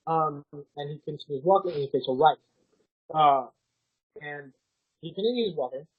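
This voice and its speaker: A young man with a husky, slightly high voice narrates a tabletop game as dungeon master, speaking at normal speed. He rambles through his scenes with plenty of fillers, and the podcast audio is dull and lo-fi.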